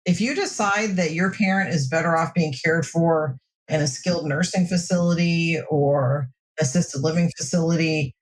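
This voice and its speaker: A woman mental health counselor giving steady, reassuring advice in a podcast interview. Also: low-pitched, moderate pace, few pauses.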